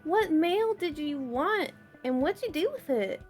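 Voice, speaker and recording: A woman's voice: high-pitched, expressive, unhurried, faint music behind. A woman doing a feisty Texan cowgirl. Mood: indignant. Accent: put-on Texan drawl. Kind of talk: murder mystery role-play over voice chat.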